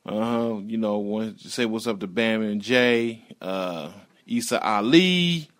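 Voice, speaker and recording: A man's voice: on the low side, slow, a bit bright. A man hosting a podcast, signing off in a casual, rambling, profane way. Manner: profane, laid-back, rambling. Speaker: podcast host. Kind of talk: casual show sign-off.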